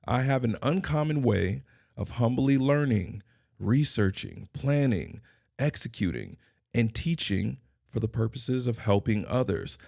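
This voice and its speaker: A man's voice: medium pitch, vocal fry, darkish tone, no echo, clean studio sound. A middle-aged man hosting his own podcast, delivering a scripted motivational monologue in emphatic, repeated declarations. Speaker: podcast host and consultant.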